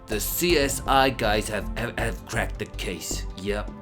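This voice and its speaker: A man's voice: on the low side, takes it slowly, over music. A man and podcast co-host in a comedy sketch, speaking with a mock news-anchor delivery.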